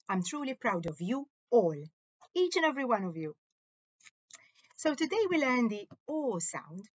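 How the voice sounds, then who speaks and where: A woman teaching a phonics lesson to young children, sounding out letters and words slowly and clearly. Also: no echo, lo-fi sound. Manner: slow, clear sounding-out with lively up-and-down pitch.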